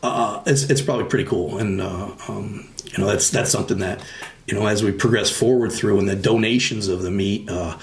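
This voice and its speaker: A man's voice: lowish voice, brisk. Rambling podcast host man, echoey room. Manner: rambling, enthusiastic reactions with fillers. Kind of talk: casual conversation.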